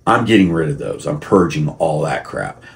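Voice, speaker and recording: A man with an extremely low, gravelly voice and lively intonation talks to camera at normal speed. His vlog is a rambling personal monologue full of repeated words and restarts, and he works himself up into heated, shouty outbursts.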